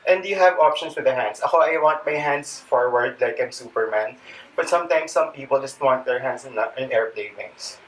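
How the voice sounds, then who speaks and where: In a mid-range, fairly bright voice at normal speed, a Filipino-accented man demonstrates a yoga stretching routine for his fitness vlog. He's chatty and somewhat out of breath, slipping in jokes. The recording is distant, with faint noise in the background.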